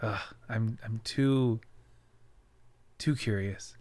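A man's voice: lowish voice, drawn-out words, darkish tone. Tired, laid-back podcast host man. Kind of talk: casual chat.

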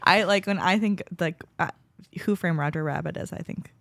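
A guest on a casual movie podcast, chatty and quick to laugh or sound surprised. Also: mid-range voice, vocal fry, fairly bright tone, dry recording.

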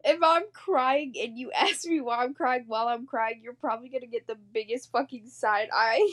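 A young woman with a high voice co-hosting a casual podcast. She talks bluntly, swears freely and laughs often. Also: moderate pace. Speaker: podcast co-host. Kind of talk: casual chat.

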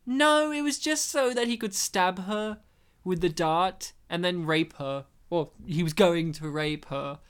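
Smooth-voiced man chatting about films. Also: sits high, measured pace, a bit bright. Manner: laughs often, acts out scenes in quoted voices. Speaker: podcast co-host. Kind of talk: casual film commentary chat.

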